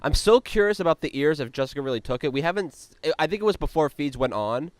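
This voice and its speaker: A man's voice: on the high side, expressive, fast talker, no echo. A man hosting a podcast, recapping a reality show in a chatty way with lots of "like" and frequent swearing. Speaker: podcast host.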